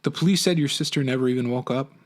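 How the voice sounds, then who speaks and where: A man voicing a quiet, weary middle-aged father, speaking in a low, subdued way in a read-aloud story. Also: fast talker, close to an everyday voice. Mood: somber.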